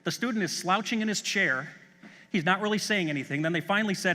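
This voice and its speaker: High, bright-voiced man in a reverberant hall. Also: quick pace. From Chicago, USA. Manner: enthusiastic anecdotal storytelling. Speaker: school superintendent. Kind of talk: conference keynote talk. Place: large conference hall.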